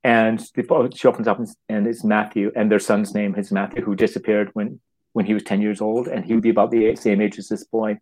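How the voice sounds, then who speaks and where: A man from Canada, a guest telling a long story in an animated way, laughing often and restarting his sentences. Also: on the low side, fairly quick, rough recording. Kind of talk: anecdotal storytelling.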